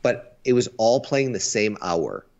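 A man's voice: lowish voice, lively intonation, measured pace, darkish tone. A man chatting casually on a stream about movies and games, enthusiastic, often restarting his words. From United States. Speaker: stream co-host. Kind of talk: casual chat. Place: Asia. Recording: dull lo-fi sound.

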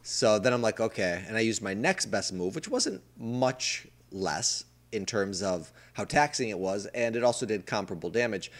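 A man with a lowish voice hosting a casual podcast chat. He explains things patiently, step by step, and gets enthusiastic as he goes. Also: lively intonation, normal speed, hardly any pauses. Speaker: podcast host.

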